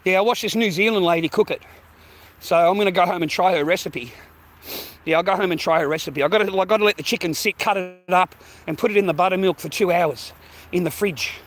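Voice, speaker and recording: A man's voice: high-pitched, quick pace. A middle-aged Australian man chatting and swearing on a casual vlog while walking, calling viewers mate and bro. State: out of breath carrying a heavy bag. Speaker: vlogger. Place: outdoors walking in street. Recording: faint traffic noise outdoors.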